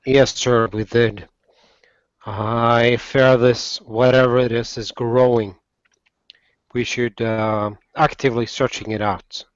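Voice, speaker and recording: A man voicing an earnest, gentle gnome adventurer who speaks in a measured way, on a dry, slightly dull lo-fi recording. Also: mid-range voice, little pitch movement, smooth, no echo, lightly acted. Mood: probing.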